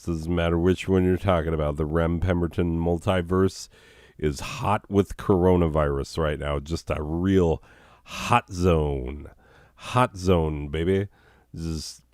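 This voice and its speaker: A hoarse, sick man hosting a comedy show, rambling in a deadpan way with chuckles and coughs. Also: low voice, dry recording, clean studio sound.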